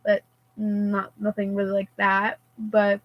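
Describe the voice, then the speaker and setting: This teen girl's medium-pitched voice stays monotone as she takes her time telling a rambling story in casual conversation, constantly dropping in "like" and "and stuff like that." The recording is muffled, with no room sound.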